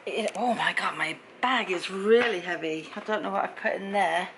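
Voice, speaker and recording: A woman's voice: medium pitch, moderate pace, background noise. A middle-aged British woman vlogging in a casual, chatty way, telling stories and acting out both sides of each conversation, sounding tired. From Britain. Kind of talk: casual chat to camera.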